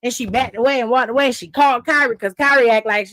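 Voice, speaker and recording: A woman hosts a casual wrestling recap stream with a sassy, profane delivery. Her voice sits a little high. It sounds close and dry, with no room around it. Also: fast, a bit bright, no echo, rough recording. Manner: sassy and profane, with frequent laughs. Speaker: wrestling aftershow host.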